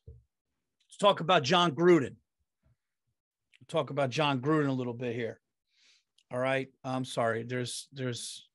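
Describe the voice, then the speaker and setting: A man, a comedian hosting his podcast, telling a story in a heated, profane ranting monologue. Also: medium pitch.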